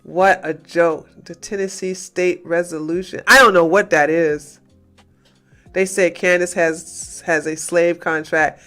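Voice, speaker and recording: A woman's voice: on the low side, a little slow, faint music behind. A woman from the US, hosting a casual livestream and talking emphatically to her chat. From Georgia, USA. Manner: animated, emphatic, talks to chat, swings between loud outbursts and muttering. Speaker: livestream host.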